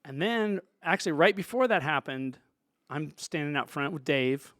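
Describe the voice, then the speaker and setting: A man's voice: on the high side, lively intonation, normal speed, a bit bright, no echo, studio quality. A man, a sound engineer, telling stories from his work in a loose, rambling way full of asides. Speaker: sound engineer, show guest. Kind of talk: storytelling in a conversation.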